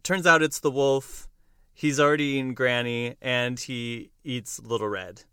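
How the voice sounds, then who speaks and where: Bright, clear-voiced man telling a story. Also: medium pitch, fairly even intonation, measured pace, no room sound, clean studio sound. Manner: enthusiastic storyteller who acts out lines and laughs often. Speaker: podcast host. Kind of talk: casual chat recapping a musical.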